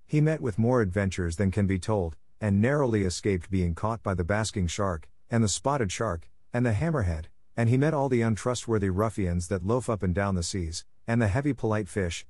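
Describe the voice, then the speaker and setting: Low-voiced man reading a storybook. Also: darkish tone, no echo. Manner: measured, clear reading for listeners learning English. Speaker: audiobook reader. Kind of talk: scripted storybook narration.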